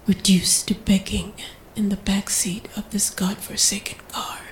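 A woman's voice: mid-range voice, level tone, measured pace, close to an everyday voice. A woman whispering the lines of a veiled, gloved man who is desperate yet holding himself back, in a whispered role-play. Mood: strained desperate. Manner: hushed, strained, breathless.

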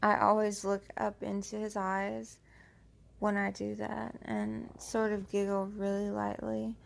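A woman making an intimate adult audio role-play, talking slowly and teasingly to the listener. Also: mid-range voice, monotone, vocal fry. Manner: slow, teasing, flirtatious talk addressed to the listener. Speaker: erotic audio creator.

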